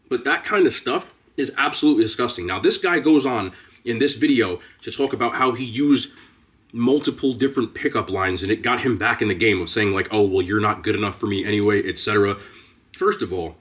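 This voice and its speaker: A man's voice: medium pitch, fairly bright tone. A young man talking straight to his viewers in a casual vlog, earnest and emphatic, pressing his points like a lecture. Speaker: mukbang vlogger. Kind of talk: casual commentary to camera.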